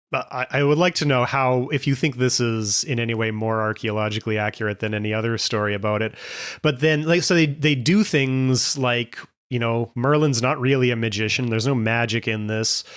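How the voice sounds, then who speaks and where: A man's voice: mid-range voice, fairly bright tone, clear, resonant tone. A man hosting a podcast, laying out his points step by step in a casual discussion. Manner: analytical, lays out points step by step. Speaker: podcast host.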